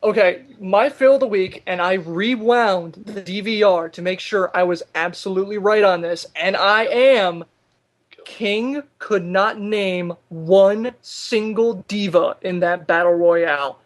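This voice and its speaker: Podcast host, high male voice, animated and exasperated, quick to laugh. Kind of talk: casual chat.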